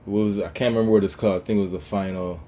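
A man's voice: low-pitched, fairly even intonation, rapid-fire, warm tone. A man co-hosting a casual talk show, chatting loosely with lots of fillers and restarts. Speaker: podcast co-host. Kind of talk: casual chat.

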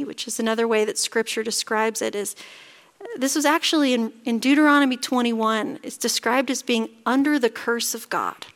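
Woman pastor, sermon delivery, earnest, slightly high voice, slows on solemn lines.

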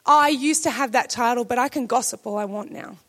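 A woman's voice: on the high side, fairly quick, fairly bright tone, voice pushed down. A woman preacher voicing a complacent churchgoer who brushes off her old duties in a dismissive, offhand way. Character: complacent lapsed churchgoer making excuses, adult.

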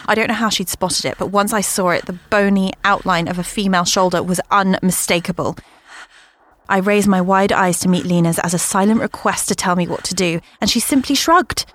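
A woman narrating a first-person horror story in a measured storytelling manner. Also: mid-range voice, a bit bright.

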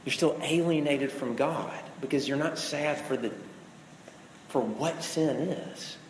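A man's voice: on the high side, slow pace, a little hiss or hum. A man preaching a sermon, speaking earnestly and addressing his listeners directly with shifting emphasis. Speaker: pastor. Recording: echoey hall with long reverb.

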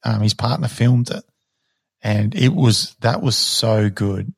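A man's voice: medium pitch, expressive, slow pace, creaky, husky, no echo, studio quality. A man speaking as a podcast guest, recounting a funny story with enthusiasm. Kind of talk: casual chat.

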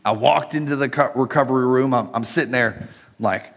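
A man's voice: medium pitch, fairly quick, fairly bright tone. A middle-aged man preaching a sermon in a conversational way, telling a personal story and speaking straight to the congregation. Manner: conversational, personal storytelling, addresses listeners directly. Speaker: pastor.

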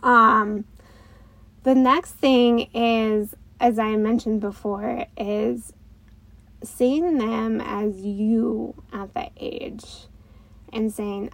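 Slow, gravelly-voiced mom talking gently. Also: female voice, a little high, steady tone, rough recording. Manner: gentle, reflective, many fillers. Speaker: podcast host, mother. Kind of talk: casual talk.

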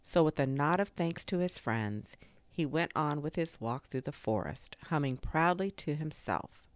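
A woman reading a children's story aloud in an expressive, unhurried storytelling manner. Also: rumbling low, no room sound.

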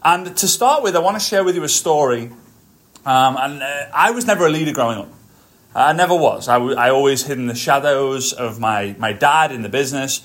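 A man hosting his own podcast, telling stories in an energetic motivational monologue while walking on a treadmill. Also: mid-range voice, a little fast. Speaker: podcast host.

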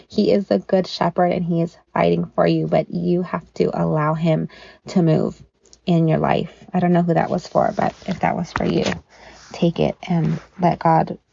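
A woman's voice: lowish voice, gravelly, mellow, breathy edge, dry recording, muffled recording. A woman hosting a devotional podcast, teaching scripture in an earnest, encouraging, conversational way with casual fillers.

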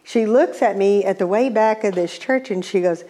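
A woman telling a personal testimony in an animated, exclamatory, humorous way. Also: medium pitch, normal speed. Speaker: speaker. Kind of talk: testimony storytelling.

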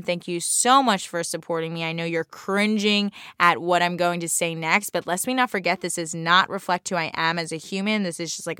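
A woman's voice: fairly low pitch, a bit bright, smooth, no echo, clean studio sound. A young woman with a South Jersey accent hosting her own podcast, bubbly, brash and self-mocking, with lots of "like". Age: young adult. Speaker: podcast host and bartender. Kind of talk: casual solo podcast chat.

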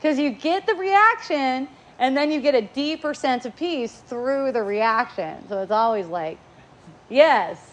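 A woman's voice: high voice, expressive, a little slow, few pauses. A middle-aged woman giving a casual spiritual talk, playful and laughing often as she acts out what people say to her.

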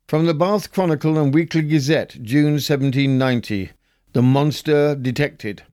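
A man hosting a podcast, reading old newspaper stories aloud with a measured, wry storytelling delivery. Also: fairly high pitch, a little mellow, dry recording, clean studio sound. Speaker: podcast host.

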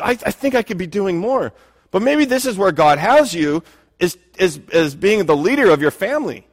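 A man's voice: on the high side, sing-song, moderate pace. A man preaching a sermon in an earnest, conversational way, often restarting his phrases. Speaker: pastor. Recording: long reverb of a hall.

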